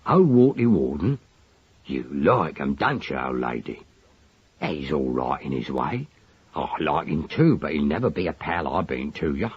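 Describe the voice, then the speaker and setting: A man voicing a truculent middle-aged Cockney manservant with a husky, grumbling, slangy delivery, on a dull lo-fi recording. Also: extremely low pitch, animated, a little slow, voice pushed down, exaggerated voice. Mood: coaxing.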